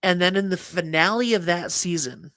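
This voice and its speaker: Male morning co-host, rambling talker, a touch high-pitched, dry close sound. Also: moderate pace, bright, forceful tone, dry recording. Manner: rambling storyteller, many restarts and fillers. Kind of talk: casual morning show chat.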